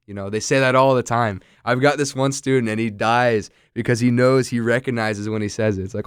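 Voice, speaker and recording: A man's voice: mid-range voice, fairly even intonation, brisk, hardly any pauses, clear, resonant tone, no echo, studio quality. A young man who teaches English, chatting easygoingly and enthusiastically as a podcast guest. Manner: enthusiastic, easygoing, laughs along. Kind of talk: casual podcast chat.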